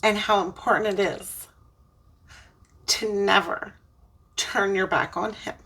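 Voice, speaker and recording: A woman's voice: medium pitch, fairly even intonation, takes it slowly, fairly bright tone, far from the mic. A woman giving an earnest, emotional spiritual tarot reading, preaching about faith as she turns the cards. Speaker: tarot reader.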